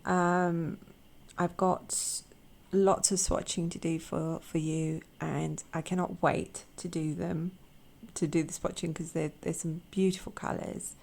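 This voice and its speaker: A woman hosting an art channel, chatting casually with a croaky voice, gushing and halting with repeated words. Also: on the low side, flat delivery, a little mellow. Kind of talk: casual chat.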